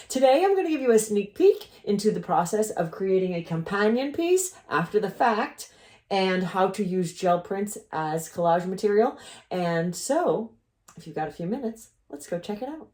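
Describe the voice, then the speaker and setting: A woman's voice: lowish voice, darkish tone, roomy sound. A woman artist hosting a casual studio tutorial, chatting her way through her process with rambling asides. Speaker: collage artist and channel host. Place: art studio.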